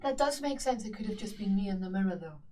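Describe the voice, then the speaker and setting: A woman's voice: mid-range voice, animated, fast talker, a little mellow, recorded from a distance. Earnest literal-minded woman, off-mic. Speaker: player. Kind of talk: in-character tabletop play.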